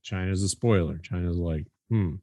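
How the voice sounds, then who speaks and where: A man's voice: fairly low pitch, sing-song, normal speed, warm tone, husky, no echo. A man co-hosting a podcast in casual chat, joking and rambling with casual swearing. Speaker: podcast co-host.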